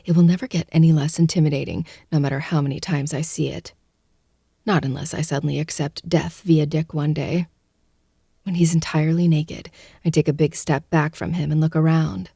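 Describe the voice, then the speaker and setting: A woman narrating a first-person audiobook close to the mic, in a hushed, breathy, intimate delivery that often drops to a whisper. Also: low voice, fairly even intonation, brisk, dry recording.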